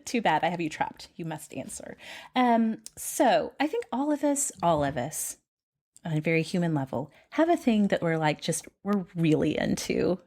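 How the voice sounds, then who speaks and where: Low-voiced woman hosting a podcast. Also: lively intonation, normal speed. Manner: warm, encouraging, chatty. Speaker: podcast host. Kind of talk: casual podcast interview.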